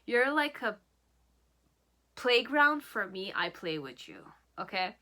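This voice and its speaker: A woman's voice: medium pitch, very animated, slow, bright, forceful tone. A woman giving a pick-a-card tarot reading, speaking in first person as the person being read. She rambles and hedges, often checking in with "okay?". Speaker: tarot reader.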